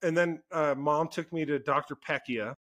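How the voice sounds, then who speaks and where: Animated storytelling man. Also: a little high, normal speed. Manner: animated storyteller, laughs, swears casually. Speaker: podcast co-host. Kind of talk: casual chat, storytelling.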